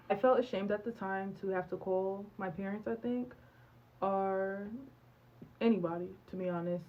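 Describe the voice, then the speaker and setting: A young woman vlogger, telling a personal story in a candid, animated way and acting out bits of dialogue. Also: fairly low pitch, lo-fi sound. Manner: animated, candid, acts out dialogue with many fillers. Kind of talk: storytime vlog.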